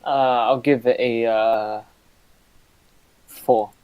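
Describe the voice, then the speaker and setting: Deadpan young man cracking jokes. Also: mid-range voice, very slow, clear, resonant tone, highs cut off. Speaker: podcast co-host. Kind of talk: casual chat.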